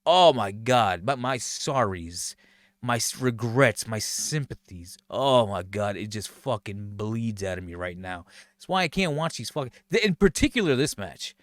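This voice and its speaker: A man giving casual, heavily profane commentary while watching match footage, sarcastic and animated, acting out what others said. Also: on the low side, unhurried, dry recording. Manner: animated, sarcastic, swears a lot, acts out quotes. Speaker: show host recounting backstage story.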